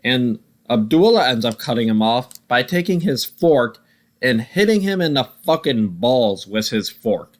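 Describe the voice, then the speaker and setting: A man recapping old wrestling matches in casual, profane commentary, his voice still a little hoarse and strained, with wry jokes. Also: mid-range voice, big pitch swings, unhurried. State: voice still recovering, slightly hoarse. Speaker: wrestling reviewer.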